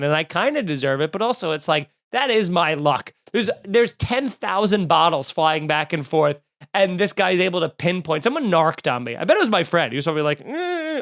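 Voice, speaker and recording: A comedian hosting his podcast, telling a story in a casual, animated way, swearing and acting out what people said. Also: a little high, fairly quick, no echo, clean studio sound. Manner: animated, swearing, acts out quotes.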